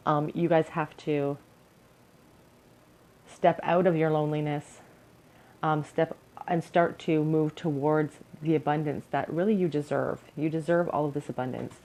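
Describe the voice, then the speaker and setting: A woman's voice: deep voice, steady tone, measured pace, darkish tone, poor audio. A young woman giving an encouraging, earnest pick-a-card tarot reading to her viewers. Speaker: tarot reader.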